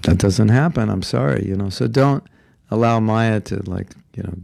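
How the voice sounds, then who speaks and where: The speaker is a spiritual teacher in Alachua, Florida, whose lowish voice has vocal fry and a slightly mellow quality at a normal pace. Sounding a bit congested, he teaches a devotional class earnestly and conversationally, often voicing quotations, in a dry, studio-quality recording.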